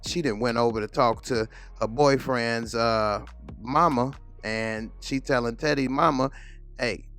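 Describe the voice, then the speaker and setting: A man's voice: mid-range voice, unhurried, a bit bright, soft background music. A man casually recapping a TV episode in a chatty, storytelling way. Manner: chatty, retelling scenes in voices. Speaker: TV episode reviewer.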